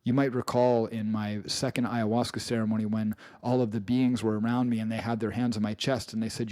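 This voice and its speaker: A man's voice: fairly low pitch, level tone, fairly quick, few pauses, warm tone, no room sound. A man with an English accent narrating his own memoir audiobook, earnest and personal, with frequent restarts and repeated phrases.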